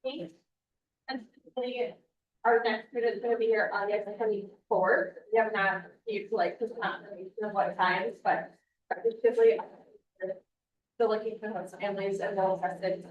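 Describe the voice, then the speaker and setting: A woman club member giving a halting, informal update. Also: mid-range voice, fairly even intonation. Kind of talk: meeting update. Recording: dull, distant, echoey.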